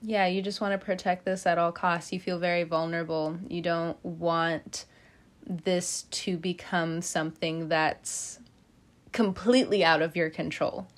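A woman giving a casual tarot reading to her viewers. She is gentle and tearful, often laughs and breaks off mid-sentence. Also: on the low side, little pitch movement, a little slow. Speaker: tarot reader.

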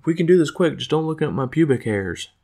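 A man's voice: a little high, expressive, fairly quick, warm tone, voice pushed up. A man voicing a brash young country farm girl in an urgent, drawling put-on accent.

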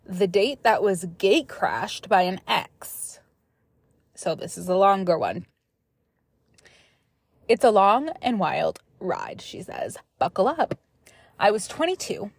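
A young woman hosting a podcast, reading listener stories aloud and breaking off into chatty, animated asides. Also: mid-range voice, vocal fry, no room sound. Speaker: podcast host.

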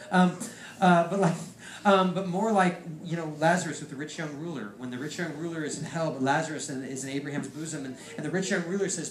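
Man, preacher, testimony storytelling, filler-heavy rambling, echoey room. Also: a little high. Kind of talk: personal testimony to a congregation. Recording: roomy echo.

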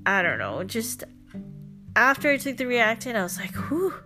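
A woman's voice: on the high side, sing-song, moderate pace, over music. Chatty young woman podcaster telling a story. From Filipino family, lives in Canada. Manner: chatty, lots of "like" fillers, joking asides. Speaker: podcast host. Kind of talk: casual storytelling monologue.

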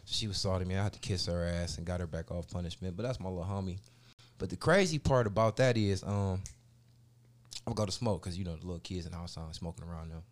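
Speaking quickly in a deep voice, this storyteller rambles through a lengthy tale during an easygoing conversation. It's a lively, profane delivery packed with slang.

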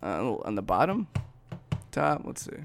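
Animated young man in casual banter. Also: mid-range voice, a little slow, creaky, a little hiss or hum. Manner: animated, self-mocking, calls listeners "dude" and "guys". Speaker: podcast co-host. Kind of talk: casual chat.

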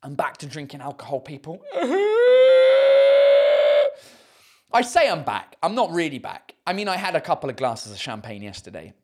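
A man's voice: on the high side, big pitch swings, quick pace, few pauses, breathy edge. A man hosting a casual livestream chat, rambling with many fillers and swearing freely. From United Kingdom. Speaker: host.

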